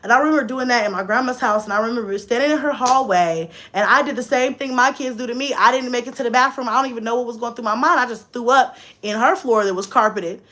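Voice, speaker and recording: A young woman, telling a story in a casual vlog, expressive and swearing freely. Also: fast, few pauses. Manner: expressive, swears freely, swings from low asides to shrieking and laughing. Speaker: vlogger.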